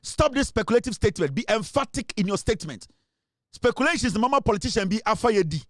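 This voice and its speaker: A man's voice: high voice, lively intonation, quick pace, no room sound, clean studio sound. A Ghanaian man giving impassioned political commentary, emphatic and scolding, switching between Twi and English.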